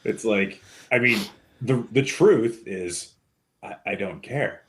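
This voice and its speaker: Man, podcast co-host, slow, husky, low, hesitant, casual. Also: a bit bright, a little hiss or hum. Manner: hesitant, repeats words.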